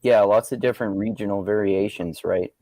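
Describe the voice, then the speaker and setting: A man's voice: fairly low pitch, steady tone, brisk, dark tone, dry recording, low-quality recording. Male co-host, loose and profane, laughs a lot, dry close sound. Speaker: podcast co-host. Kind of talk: casual podcast chat.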